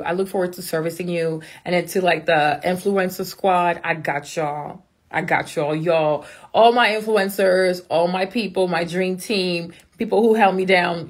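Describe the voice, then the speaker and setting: Bubbly woman squealing with excitement. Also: fairly low pitch. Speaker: makeup brand owner. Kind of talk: casual live-stream chat.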